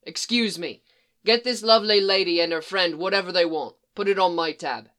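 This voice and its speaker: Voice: medium pitch, normal speed, bright, forceful tone, close to an everyday voice. A reader voicing a roguish, sardonic British man who swears casually, in a British accent, in an audiobook reading. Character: roguish British male occult detective.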